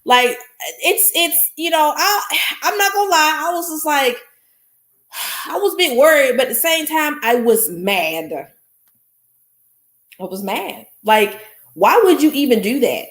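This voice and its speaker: Animated woman. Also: high-pitched, a little slow, pauses often, reverberant. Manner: animated, blunt, addresses listeners as y'all. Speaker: podcast host. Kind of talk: casual storytelling monologue.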